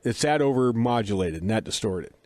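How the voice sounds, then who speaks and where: A man's voice: on the low side, lively intonation, a little fast, darkish tone, dry recording. A middle-aged man with a dry mouth, casually telling a self-deprecating story and acting out the dialogue.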